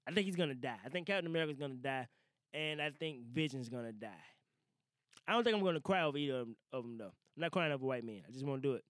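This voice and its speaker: A man's voice: a little high, no echo, studio quality. Slangy young male podcast host. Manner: loose, slangy and animated, swearing and laughing. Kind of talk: casual podcast monologue. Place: small studio.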